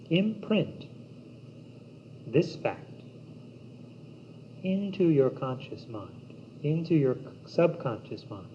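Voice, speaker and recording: A man giving a yoga teaching talk in a slow, measured, meditative way, with long pauses between words. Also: fairly high pitch, sing-song. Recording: dull old cassette tape with faint hiss.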